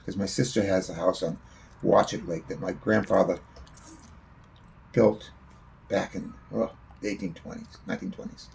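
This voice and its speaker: Gravelly low-voiced man telling a story. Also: fairly even intonation, moderate pace, pauses often, a little mellow, a little hiss or hum. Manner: long-winded, swears freely. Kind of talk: spoken personal anecdote.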